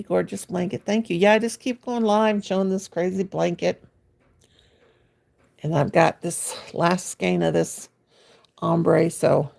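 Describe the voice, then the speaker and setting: A chatty woman, talking to viewers on a phone livestream while she crochets. Her voice is deeply gravelly and husky, and her manner is homey and folksy. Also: warm tone. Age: 60s. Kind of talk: casual live-stream chat.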